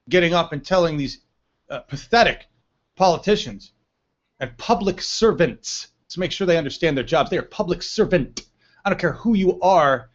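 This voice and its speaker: A man's voice: a little high, muffled recording. A man giving blunt, profane political commentary on a live stream.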